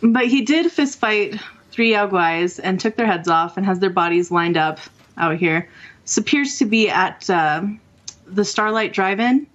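A woman's voice: medium pitch, unhurried, a bit bright, lo-fi sound. A woman co-hosting a casual gaming podcast over a call, chatty and enthusiastic as she reads out listener messages. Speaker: podcast co-host. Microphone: remote call mic.

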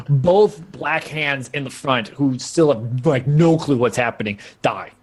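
A man narrates a tabletop game as game master, talking loosely and circling back on himself. His pitch sits in the middle of the usual range for a man. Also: takes it slowly, husky. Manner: loose, rambling narration with many fillers and restarts.

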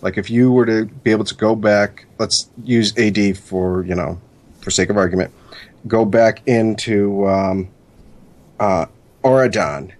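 A man's voice: fairly low pitch, fairly even intonation, unhurried, a little mellow. A man co-hosting a podcast, reading lore notes and rambling with many fillers when he explains. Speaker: podcast co-host.

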